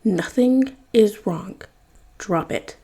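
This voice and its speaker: A woman's voice: medium pitch, expressive, slow pace, vocal fry, mellow, breathy edge, exaggerated voice. A woman voicing an anxious teenage boy genius who brushes off questions with clipped denials. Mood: tense.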